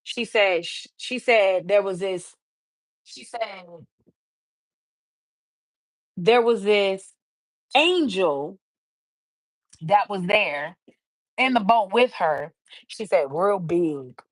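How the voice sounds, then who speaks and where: Hosting a livestream, a woman with an ordinary middle-pitched voice earnestly retells a story she heard, returning again and again to "she said." She speaks slowly with long pauses, and the sound is close and dry with no echo or room around it.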